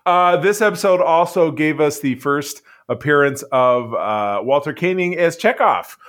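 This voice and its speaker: A man's voice: a little high, animated, a little slow, fairly bright tone. A man co-hosting a casual podcast, recapping episodes in a chatty, joking way. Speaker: podcast co-host. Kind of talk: casual chat.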